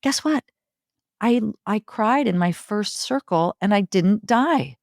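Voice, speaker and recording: A middle-aged woman telling stories in an interview, expressive and building long rhythmic lists. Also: mid-range voice, slow, dry recording, studio quality. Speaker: podcast guest, circle facilitator. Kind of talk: conversational interview.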